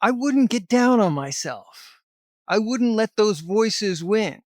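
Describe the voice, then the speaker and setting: Blunt, high-voiced motivational man. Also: expressive, takes it slowly, dry recording, studio quality. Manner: blunt, emphatic, mild cursing. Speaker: fitness vlogger. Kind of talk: motivational talk to camera.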